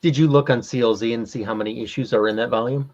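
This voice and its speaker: Fast-talking man on a dull call line. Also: medium pitch, steady tone, a little mellow. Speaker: guest on a call. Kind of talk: casual chat.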